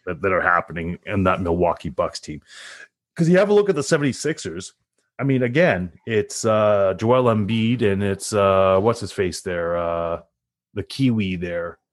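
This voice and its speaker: A man in a casual sports chat, animated, laughing often and pausing with "uh" while he searches for names. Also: deep voice.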